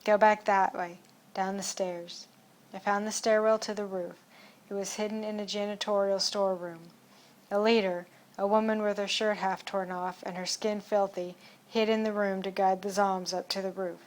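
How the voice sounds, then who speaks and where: Even-voiced woman narrating an audiobook. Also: mid-range voice, moderate pace. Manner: steady, even storytelling. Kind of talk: first-person audiobook reading.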